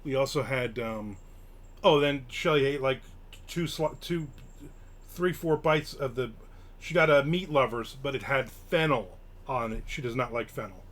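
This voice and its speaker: A middle-aged man hosting a live stream, rambling casually with lots of fillers and sudden bursts of excitement. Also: mid-range voice, a little slow. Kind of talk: casual chat, reading and answering chat.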